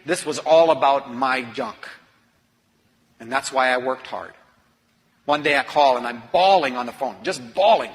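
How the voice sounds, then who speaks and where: Earnest man telling his story in a hall. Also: fairly high pitch. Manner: earnest confessional storytelling that swings from hushed to intense. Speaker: author and speaker. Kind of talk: personal storytelling talk. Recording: long reverb of a large hall.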